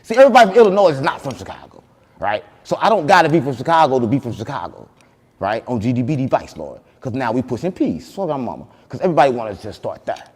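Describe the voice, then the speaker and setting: A man hosting a podcast, boasting in animated banter and repeating catchphrases, loud one moment and soft the next. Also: mid-range voice, fast, breathy edge, in a large hall. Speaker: podcast host.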